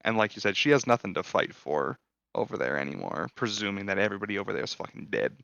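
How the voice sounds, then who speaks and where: Bright, dry-sounding man on a podcast. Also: on the low side, big pitch swings, fast talker, vocal fry, dry recording, muffled recording. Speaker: podcast co-host. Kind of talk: casual podcast chat about an anime.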